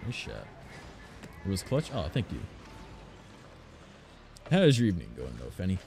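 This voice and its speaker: With a deep, creaky voice at a moderate pace, this young streamer plays car soccer and talks casually with his teammates and audience. He cusses freely and spins lively stories between reactions to the game, and the audio carries a little hiss or hum.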